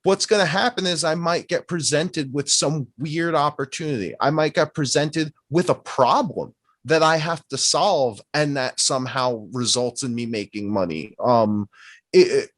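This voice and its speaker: A man's voice: on the high side, normal speed, a bit bright, dry recording. Guy musing thru rhetorical questions on a podcast, dry close sound. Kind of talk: casual podcast chat.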